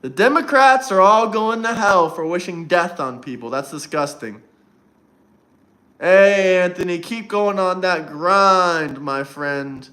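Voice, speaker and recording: A host on a casual livestream talks slowly in a sharp, high-sitting voice, mocking his chat and teasing the viewers with taunting banter.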